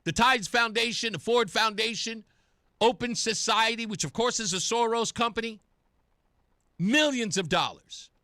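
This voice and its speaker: A man's voice: very high-pitched, normal speed, sharp tone, no room sound, clean studio sound. A man hosting talk radio, giving sarcastic, indignant political commentary.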